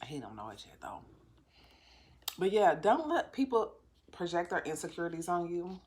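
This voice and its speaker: A woman's voice: lowish voice, very animated, moderate pace, darkish tone, a little hiss or hum. A woman chatting casually to viewers while eating, often talking with her mouth full and stopping to savor bites. She sounds candid and self-assured, recorded at home on a camera or phone mic. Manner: talks with mouth full, chewing and savoring between remarks. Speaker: mukbang vlogger. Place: at home at a table.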